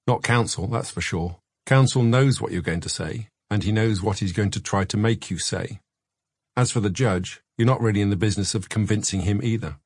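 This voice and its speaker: A man doing a blunt older Scottish pathologist with a low, raspy, husky voice, driving his advice home with firm emphasis. The audiobook sound is close and dry. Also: normal speed, no echo. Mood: emphatic. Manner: emphatic, answers his own questions.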